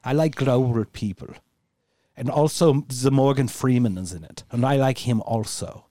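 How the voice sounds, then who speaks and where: A man voicing a stuffy, proper German man who speaks slow, formal, broken English in a measured tone. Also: mid-range voice, warm tone, no echo, studio quality, lightly acted. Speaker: podcast co-host.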